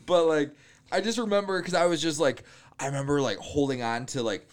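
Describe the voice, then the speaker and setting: A man's voice: a little high, a little fast. A man telling a crude personal story in casual comedy podcast chat, laughing often.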